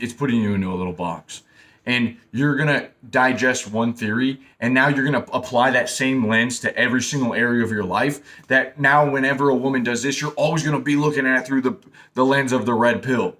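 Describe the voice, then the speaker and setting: A man's voice: medium pitch, fairly bright tone. Blunt, preachy young man. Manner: blunt, preachy, repeats himself, calls listener man and bro. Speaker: self-help talker. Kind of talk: casual direct-to-camera advice talk.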